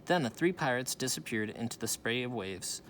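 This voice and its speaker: A man's voice: medium pitch, lively intonation, normal speed, a bit bright, slight background noise. A man reading a children's storybook aloud, with small slips he corrects as he goes. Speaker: reader.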